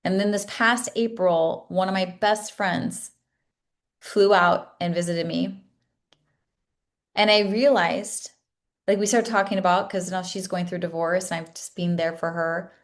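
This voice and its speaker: A woman's voice: on the low side, fairly even intonation, unhurried. A woman in her thirties, a coach telling a personal story to her class, earnest and emotional, with many restarts. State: tearful at times. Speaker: coach leading a masterclass.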